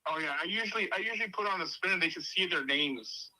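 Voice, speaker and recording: A man's voice: high voice, expressive, fast talker, pushed and bright, low-quality recording. A man chatting casually on a livestream, offering help in a reassuring way. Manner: helpful, reassuring. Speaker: fellow streamer guest. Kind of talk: casual live stream chat.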